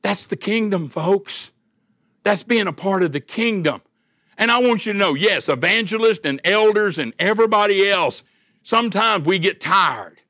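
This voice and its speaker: A man's voice: sits high, animated, normal speed, sharp tone, no echo, clean studio sound. An older man, preaching a sermon as a church elder, with folksy storytelling and homespun humor.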